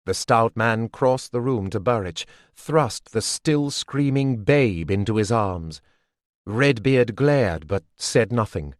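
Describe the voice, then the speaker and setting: A man reading a fantasy audiobook as scripted narration, in a measured, deliberate way. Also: medium pitch, no echo, clean studio sound.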